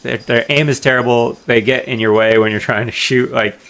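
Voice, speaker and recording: A man's voice: mid-range voice, steady tone, brisk, fairly bright tone, smooth. A man co-hosting a casual podcast, talking in a laid-back way and saying "like" often. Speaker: podcast co-host.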